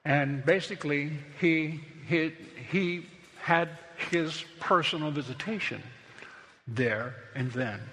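A man's voice: mid-range voice, fairly bright tone, in a large hall. A middle-aged man, a pastor, preaching a sermon in a conversational, storytelling way that builds to emphatic points.

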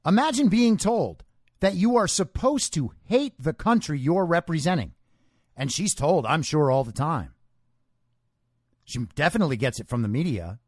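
A man's voice: fairly high pitch, a little mellow, dry recording, studio quality. A man hosting a podcast, giving an opinionated political commentary monologue. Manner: opinionated, emphatic. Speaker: podcast host.

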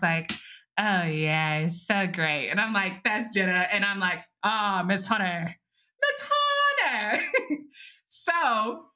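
A woman podcast host casually telling a story, animated and laughing often, acting out what people said, with loose swearing and fillers. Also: medium pitch. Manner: animated, laughing, acts out quotes.

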